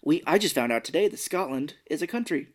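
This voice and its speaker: A man's voice: on the high side, lively intonation, fast talker. An American man co-hosting a podcast, casually retelling a film's plot in a loose, rambling way. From United States. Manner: rambling retelling of scenes with quoted voices. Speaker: podcast co-host. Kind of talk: casual movie recap chat.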